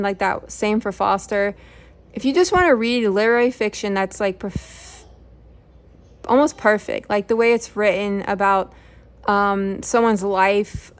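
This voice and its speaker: A middle-aged woman who hosts a book channel chats casually about books she's read, her mid-range voice clear and resonant. She rambles, filling her talk with fillers and correcting herself often.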